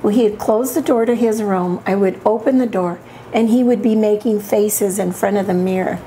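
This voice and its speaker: A woman's voice: medium pitch, moderate pace, dark tone, slight background noise. An older woman interviewed at home, fondly telling stories about her son. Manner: fond, storytelling. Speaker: comedian's mother. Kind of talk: interview reminiscence.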